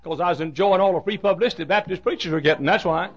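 A middle-aged man preaching a sermon as a pastor, telling a story and building to shouted climaxes. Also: high voice, fast talker, hardly any pauses, breathy edge.

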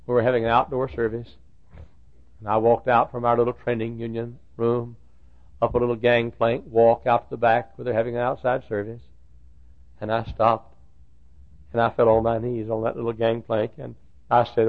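A pastor preaches in a storytelling manner, repeating phrases and rising to emphatic peaks. His voice is gravelly and sits at a middle pitch. The recording is tinny and phone-like, like an old sermon tape. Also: monotone, moderate pace, pauses often. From Dallas, Texas.

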